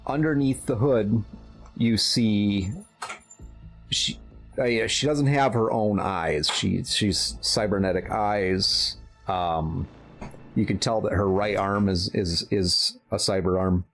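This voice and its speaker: Slow, low-voiced male game master. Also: fairly even intonation, faint music behind. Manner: slow, measured, hesitant narration. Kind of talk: narrating a tabletop game.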